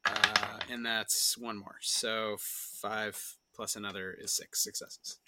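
A young man playing a tabletop game, lively and joking in casual talk. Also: on the low side, slow, heavy background noise. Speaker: player.

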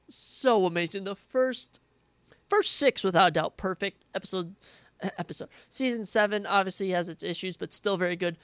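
A young man hosts his own podcast and talks through his opinions in an eager, rambling way, often circling back to fix what he just said. His voice carries a gravelly rasp at the bottom. The sound is close and dry, with no room around it. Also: sits high, fairly bright tone, no room sound. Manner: enthusiastic, rambling, self-correcting. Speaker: podcast host. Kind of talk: solo casual chat.

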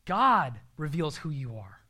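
A man's voice: a little high, very animated, measured pace, bright, forceful tone. A young man preaching a sermon in an earnest, emphatic way, sometimes dropping to a near-whisper.

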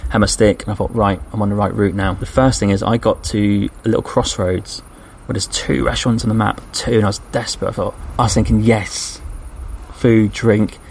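English man, low voice, casual travel storytelling, lively when quoting others, faint background noise. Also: quick pace, vocal fry. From England. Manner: chatty, animated when quoting people. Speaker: podcast host.

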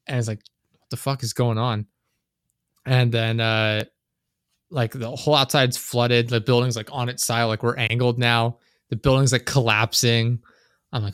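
A young podcast host chats casually into a desk microphone, rambling, swearing and saying "like" a lot. His medium-pitched voice is clear and resonant with a level tone and a slightly fast pace, in a clean studio recording without echo.

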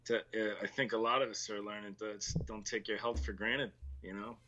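A man's voice: lowish voice, flat delivery, a little fast, bright, forceful tone. A man calling in to a talk show, laid-back and swearing casually. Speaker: caller. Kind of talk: casual chat. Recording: dull lo-fi phone call.

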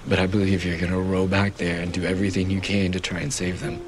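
A man playing a dying young man saying goodbye in a low, level, soft voice. He sounds sorrowful and gentle. His voice is heard as a film clip, with music clearly underneath. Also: level tone, fast talker, close to an everyday voice. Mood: tender farewell.

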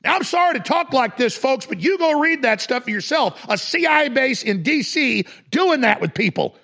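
Gravelly, forceful ranting male host. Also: expressive, normal speed. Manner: ranting, forceful, swings between shouting and low growls. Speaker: talk radio host. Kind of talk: impassioned broadcast monologue.

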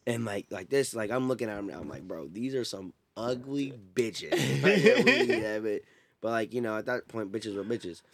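A young man telling a story in casual chat, animated and laughing often as he goes. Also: on the low side, normal speed, over a noisy crowd. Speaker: podcast host.

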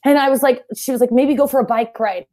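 Animated young woman telling a story. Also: sits high. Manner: animated storyteller, fast and breathless, acts out quotes with loud shouts. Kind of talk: casual chat.

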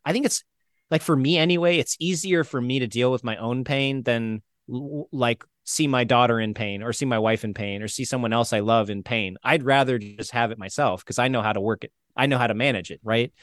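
A man from Florida, an injured veteran, telling his story as an interview guest in a casual, animated way, acting out the quotes. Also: medium pitch, brisk, no echo, studio quality. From Florida, United States. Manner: animated, acts out quotes with shifts in voice.

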